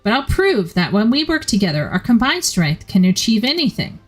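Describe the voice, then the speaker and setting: A woman's voice: on the high side, big pitch swings, normal speed, slightly rough, faint music behind. Determined young warrior princess from a game, read by a woman streamer, earnest and rallying. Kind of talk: reading game dialogue aloud.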